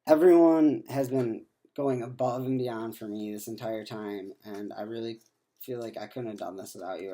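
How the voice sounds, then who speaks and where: A man's voice: fairly low pitch, mellow, slight background noise. A man in his twenties talking in a rambling video diary, full of fillers and restarts, sounding worn out. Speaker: vlogger.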